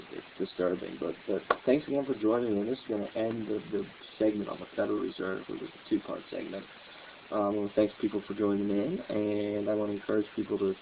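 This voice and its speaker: A man hosting a political talk show in a rambling, halting monologue full of fillers, heard over a tinny phone-like line. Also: lowish voice, gravelly, slight background noise. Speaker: political podcast host. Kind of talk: casual monologue.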